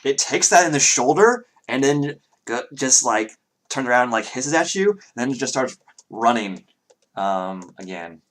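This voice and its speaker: A man's voice: medium pitch, expressive, moderate pace, fairly bright tone. A man narrating as game master in a tabletop game, loose and chatty as he counts out the moves.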